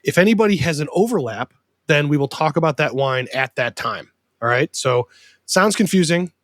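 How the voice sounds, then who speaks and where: A man's voice: on the high side, lively intonation, moderate pace, no room sound. Man hosting a casual podcast, dry sound. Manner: warm, joking, openly sentimental. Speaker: podcast host.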